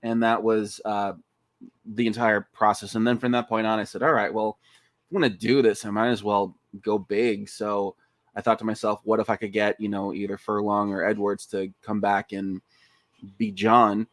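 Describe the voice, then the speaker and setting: Recorded dry with no room sound, a lowish-voiced man on a podcast describes his film at a moderate pace in a loose, lively interview. Along the way he drops swear words and does silly voices for quotes.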